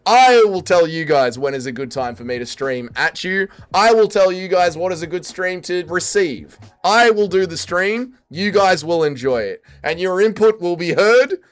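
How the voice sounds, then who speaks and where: A young man casually chatting on a livestream and reading viewer comments aloud, jumping between loud quips and low mutters. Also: lively intonation, normal speed, few pauses, clear, resonant tone. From Australia. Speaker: streamer reading chat.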